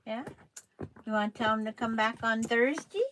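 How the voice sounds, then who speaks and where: A woman's voice: on the high side, fairly even intonation, moderate pace, a bit bright, a little hiss or hum, low-quality recording. An older woman hosting a casual quilting chat, chatting and cooing to a toddler in baby talk. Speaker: quilting channel host.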